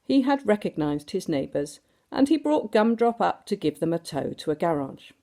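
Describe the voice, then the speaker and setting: Woman, expressive storybook reader, warm gravelly tone, very lively pitch. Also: normal speed. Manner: animated, does sound effects and asks the listeners questions. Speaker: storyteller reading to children. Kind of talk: expressive storybook reading aloud.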